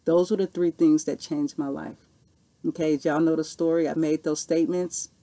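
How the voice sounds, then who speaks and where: A woman's voice: low voice, flat delivery, moderate pace, warm tone. A woman, telling a personal story and answering viewer questions in a casual, earnest way, often saying "okay" and "you know". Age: 40s. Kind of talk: casual Q&A monologue.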